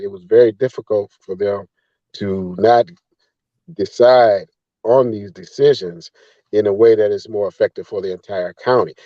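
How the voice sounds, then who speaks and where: A man, a former county official, giving earnest, measured interview answers. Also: on the low side, dry recording, highs cut off. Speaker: former county commissioner, guest.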